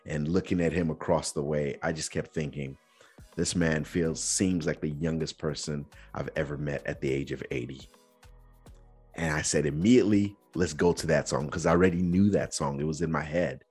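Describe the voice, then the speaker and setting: A man's voice: a bass voice, steady tone, moderate pace, a little mellow, husky, faint music behind. A man hosting a podcast, earnestly telling a personal story in a reflective way, sometimes using casual slang. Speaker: podcast host.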